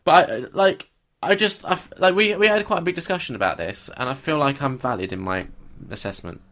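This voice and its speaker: A young man co-hosting a podcast in casual chat, blunt and animated, swearing freely. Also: a little high, a little fast. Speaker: podcast co-host.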